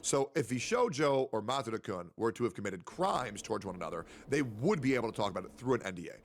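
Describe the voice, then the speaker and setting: A man's voice: mid-range voice, very animated, fast talker. A man giving an emphatic, lecturing commentary and repeating his points for stress. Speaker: streamer commentator. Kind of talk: monologue commentary.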